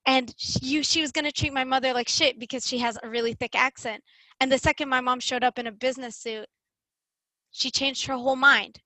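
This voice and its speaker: Brief: young woman, high bright voice, chatty casual storyteller, close dry sound. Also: a little fast, dry recording, low-quality recording. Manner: animated, chatty, lots of "like" fillers.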